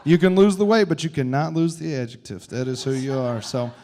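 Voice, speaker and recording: Male comedian, fairly high voice, loud and laughing, profane, live comedy club stage mic. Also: brisk, slight background noise. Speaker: comedian and teacher.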